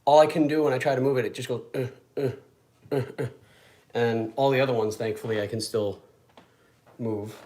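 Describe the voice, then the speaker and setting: Here a young home cook vlogger speaks at medium pitch in a steady tone, moving fairly quickly as he cooks one-handed and chats casually. He's rambling and self-deprecating throughout. The kitchen sounds echoey, and background noise is loud.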